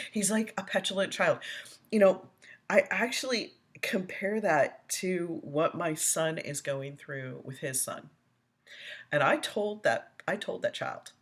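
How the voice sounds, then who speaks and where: A woman's voice: low voice, a bit bright, slightly rough. A middle-aged woman hosting a casual commentary stream, chatting and rambling as she reads viewer comments aloud, often laughing. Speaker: host.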